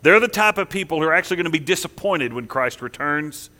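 Male pastor, high bright voice, emphatic preaching with loud and quiet swings. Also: lively intonation, quick pace. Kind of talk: sermon.

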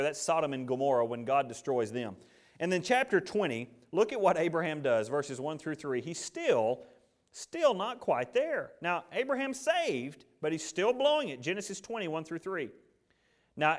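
A man preaching a sermon, reading scripture aloud and then commenting on it in an emphatic, conversational way. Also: on the high side.

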